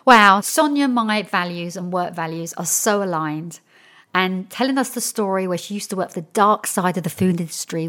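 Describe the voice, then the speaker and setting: A woman's voice: lowish voice, fairly bright tone. Effusive woman podcast host. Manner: effusive, upbeat. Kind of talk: episode recap narration.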